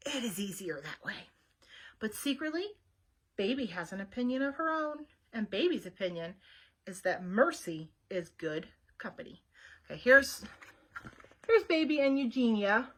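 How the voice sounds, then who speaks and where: A librarian with a somewhat bright voice on the high side reads a storybook to children via webcam. As she displays the pictures, she chats casually with her young listeners about them.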